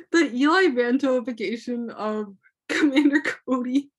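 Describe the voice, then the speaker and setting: A woman's voice: high-pitched, slow pace. A young woman co-hosting a podcast in casual chat, playful and self-deprecating. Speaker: podcast co-host.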